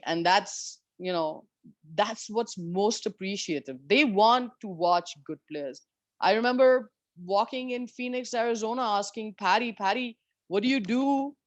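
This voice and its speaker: A woman golfer telling stories of her years on tour in an interview, animated and candid, swearing freely. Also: mid-range voice, no echo. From India. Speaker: professional golfer guest. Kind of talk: storytelling in an interview.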